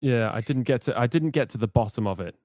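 A man's voice: medium pitch, animated, darkish tone, dry recording. Stammering Englishman, dry close voice. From England. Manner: halting, stammering restarts, joking. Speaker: stream co-host. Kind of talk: casual chat on a livestream.

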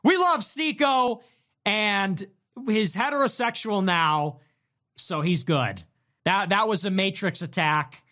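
A man's voice: sits high, takes it slowly. A man hosting a livestream, chatting casually and reacting to donations in a sarcastic, provocative, joking way. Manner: animated, sarcastic, provocative, jokey. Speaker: livestream host reading donations.

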